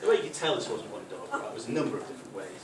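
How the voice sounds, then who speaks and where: A man's voice: on the low side, expressive, racing. A man doing a live stand-up set, rambling and conversational with lots of "right?" asides. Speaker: stand-up comedian. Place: football club function room, live audience. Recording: echoey room from far off, noisy.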